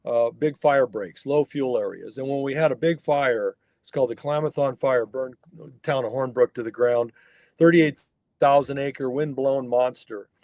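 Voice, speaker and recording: A man's voice: medium pitch, moderate pace, darkish tone, no echo, clean studio sound. An older man from the Northern California mountains, telling stories in a folksy, emphatic way as an interview guest. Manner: folksy, emphatic, acts out dialogue in anecdotes. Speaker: guest, wild horse fire researcher. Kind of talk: conversational storytelling interview.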